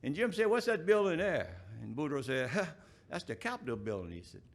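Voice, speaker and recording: A man, the event's emcee, telling a joke in a rambling, halting way and chuckling at his own lines. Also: on the high side, very animated.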